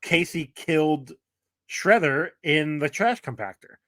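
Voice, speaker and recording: A male podcast co-host talks casually about a film, easygoing and a little hesitant. His voice is notably high for a man. The recording is dry and close. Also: lively intonation, unhurried, a bit bright, dry recording. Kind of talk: casual movie-review chat.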